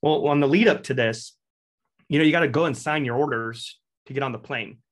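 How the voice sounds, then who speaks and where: A young man from Texas, a Marine veteran guest, telling a long anecdote in a casual, animated and profane way. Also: mid-range voice, brisk. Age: young adult. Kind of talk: casual storytelling.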